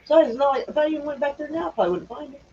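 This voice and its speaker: A woman's voice: sits high, rapid-fire, dark tone, highs cut off, a little hiss or hum. A woman hosting a casual chat, rambling and laughing often. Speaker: streamer host.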